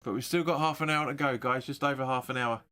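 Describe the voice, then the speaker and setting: A man hosting a football watch-along stream, giving excitable, sweary live match commentary. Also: mid-range voice, fast talker, smooth.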